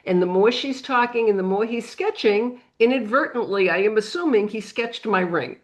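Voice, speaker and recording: A middle-aged woman with a New England accent, telling a lively anecdote on a panel and acting out the voices in it. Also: on the high side, moderate pace. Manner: animated anecdote with acted-out quotes. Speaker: panel guest. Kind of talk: storytelling on a panel.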